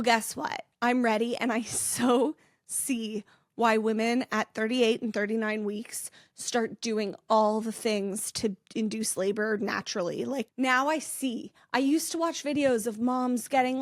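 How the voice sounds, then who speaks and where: A heavily pregnant young woman, an influencer and podcast host, speaks in a slightly high voice on a casual vlog. She rambles and chats, laughing frequently, and the recording is dry with clean studio sound.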